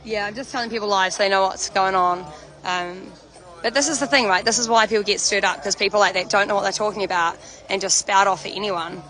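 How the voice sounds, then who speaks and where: Fast and fairly bright, this woman's mid-range voice stays fairly even in intonation, though the audio is poor. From a protest camp outdoors, she holds up her phone and chats informally with her stream's viewers, a crowd and music audible behind.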